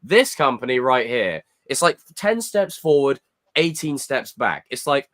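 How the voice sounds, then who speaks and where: A man's voice: medium pitch, sing-song, unhurried, crowd noise. A man co-hosting a pop-culture podcast, ranting in an exasperated way and mocking impressions in heated chat. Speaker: podcast co-host.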